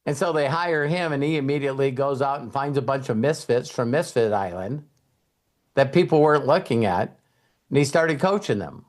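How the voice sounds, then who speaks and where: A man's voice: medium pitch, normal speed. A middle-aged man hosting a motivational talk, telling stories and acting out quoted voices with some casual swearing. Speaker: host and mentor.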